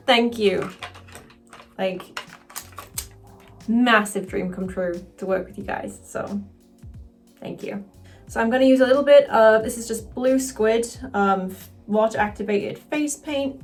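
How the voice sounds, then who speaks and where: A woman chatting casually through a makeup tutorial, excitable and quick to swear. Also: mid-range voice, faint music behind. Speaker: cosplayer doing a makeup tutorial.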